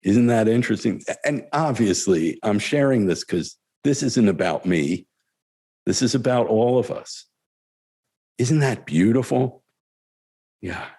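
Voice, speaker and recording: An older man telling spiritual stories in a thoughtful, reflective way, pausing often and chuckling as he goes. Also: medium pitch, animated, dark tone, husky. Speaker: spiritual storyteller. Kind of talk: reflective storytelling talk.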